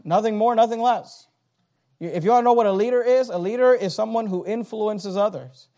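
A man with a strikingly high voice delivers a sermon. He reads scripture aloud and explains it, building to forceful emphasis on the key lines. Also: fairly quick, lo-fi sound. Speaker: pastor.

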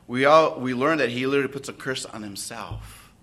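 A man's voice: medium pitch, brisk, a bit bright. A man preaching an expository sermon, often checking in with listeners through tag questions.

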